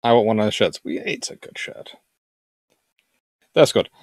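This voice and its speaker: A man hosting a naval history livestream, chatting with viewers in an animated, jokey way. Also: lowish voice, moderate pace, gravelly, no echo. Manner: animated and jokey, puts on silly voices for nations. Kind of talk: live stream talk answering chat.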